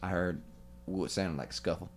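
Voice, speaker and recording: A man improvising a rambling party guest who spins deadpan tall tales and laughs at his own jokes in a comedy podcast. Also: low-pitched, moderate pace, a crowd in the background, close to an everyday voice. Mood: playful.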